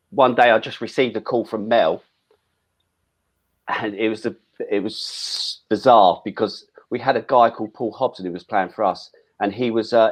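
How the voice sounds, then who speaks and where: A middle-aged man telling old football stories in an interview, chatty, with lots of restarts and casual swearing. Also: lowish voice. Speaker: former footballer guest.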